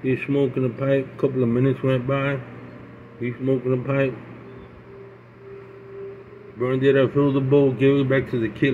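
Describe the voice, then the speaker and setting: A man tells a story in a loose, rambling, folksy way, circling back and repeating phrases. His voice sits at an everyday middle pitch. The sound is narrow like a phone line, with a faint hiss underneath. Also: flat delivery, unhurried, long pauses. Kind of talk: casual oral storytelling.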